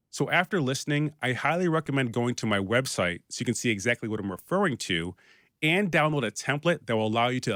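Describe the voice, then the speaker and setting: A middle-aged man hosting a business podcast, talking straight and practically with a dry joke here and there. His voice sits at an ordinary pitch for a man, recorded close on a mic with a dry, dead sound. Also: fairly bright tone, no echo. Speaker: podcast host and business consultant. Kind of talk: scripted podcast monologue.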